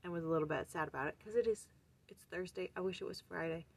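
A woman's voice: lowish voice, quick pace. A woman hosting her own casual scripture study, thinking aloud in earnest and searching for words with sighs and restarts. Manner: earnest, urging questions to the listener. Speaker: host of a daily scripture study channel.

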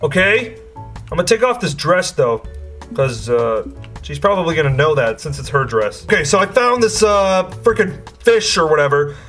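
A young man hosting gameplay commentary with excitable, crude, jokey banter. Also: a little high, moderate pace, soft background music. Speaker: gaming video host.

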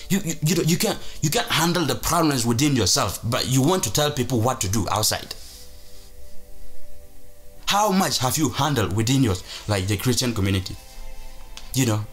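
Male vlog host, casual commentary, emphatic and rambling, faint music underneath. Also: mid-range voice. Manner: rambling, emphatic, frequent restarts. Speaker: channel host.

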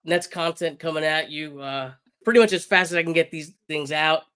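Brief: hoarse male podcast host, easygoing, a bit higher voice. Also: a little fast, fairly bright tone. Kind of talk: casual podcast chat.

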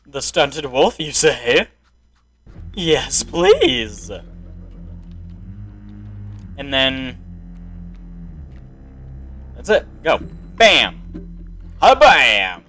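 A man giving casual, excitable commentary while playing a card game, reading its text aloud and exclaiming at the plays. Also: a little high, drawn-out words, gravelly, long pauses, faint music behind. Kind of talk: casual let's-play commentary.

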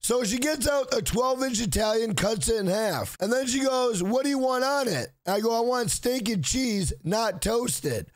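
High-voiced man telling a rant story. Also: moderate pace, few pauses. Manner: animated, exasperated storytelling. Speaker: channel host. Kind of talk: storytime vlog.

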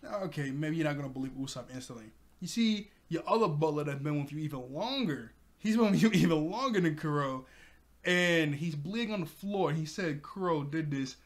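A man's voice: a little high, expressive, a little fast. A man casually recapping an anime episode. He laughs often and keeps correcting himself as he goes. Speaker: anime reviewer.

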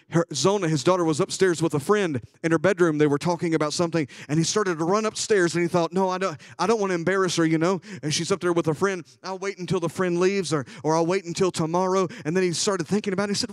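Storytelling preacher, higher-pitched man. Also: quick pace, few pauses, no room sound, clean studio sound. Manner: storytelling preacher, swings from hushed to shouting. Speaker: bishop preaching. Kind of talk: sermon.

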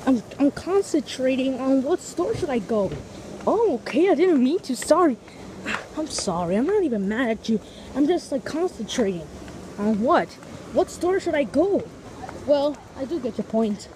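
A woman's voice: high-pitched, big pitch swings, moderate pace, background noise. A woman vlogging while walking outdoors, chatting to viewers and piling on big vocabulary words. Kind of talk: casual walking vlog. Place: outdoors on streets and in a park.

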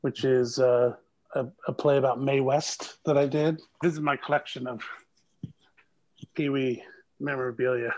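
A middle-aged actor chatting as a guest over a video call, telling animated stories and laughing often. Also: male voice, medium pitch, normal speed, long pauses. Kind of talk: casual video call interview.

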